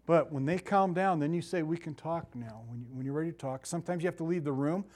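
A middle-aged man preaches in a loose, conversational way, breaking into asides and laughing at his own stories. His voice sits a little higher than most men's, and he swings between loud bursts and quiet, confiding lines. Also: fast talker. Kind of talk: sermon.

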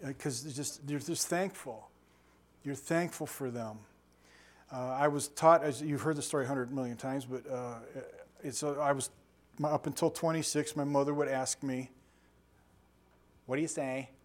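A man's voice: mid-range voice, fairly even intonation, moderate pace. A middle-aged man, a pastor, teaching a bible study in a conversational, joking way and asking his group questions. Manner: conversational, jokey, asks the audience questions.

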